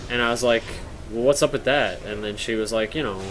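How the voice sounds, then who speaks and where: A man's voice: medium pitch, a little fast, a bit bright, low-quality recording. A young man chats casually while streaming a game at home, rambling from joke to joke and answering his viewers. His voice sits in a middling range. A faint hiss of background noise runs under the recording. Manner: rambling, joking, reads chat aloud. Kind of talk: casual live-stream chat while gaming.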